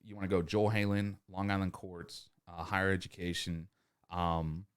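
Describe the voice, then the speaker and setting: A man's voice: low voice, flat delivery, normal speed, clear, resonant tone. A man hosting a podcast, giving sales tips in a rambling, profane, casual monologue. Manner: profane, rambling, acts out customer scenes. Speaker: podcast host.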